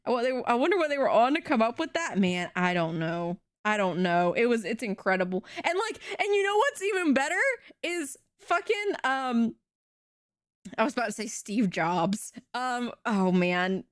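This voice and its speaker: A young woman streaming, retelling a show in an animated, rambling way with casual swearing. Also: a little high, moderate pace, clean tone, no room sound, clean studio sound. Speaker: VTuber streamer.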